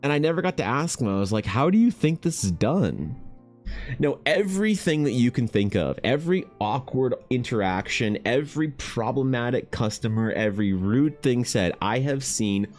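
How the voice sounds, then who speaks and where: A man's voice: mid-range voice, moderate pace, hardly any pauses, faint music behind. A man chatting casually to his stream viewers, rambling and swearing as he tells convention stories. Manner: rambling, profane, animated storytelling. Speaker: streamer and dice maker talking to chat. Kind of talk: casual livestream chat.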